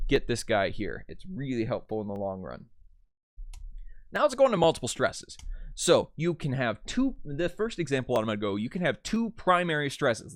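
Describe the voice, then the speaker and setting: A man giving a casual slideshow lesson on pronunciation, relaxed, with frequent "uh" fillers and words sounded out slowly. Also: medium pitch, no room sound. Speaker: voice and dialect teacher.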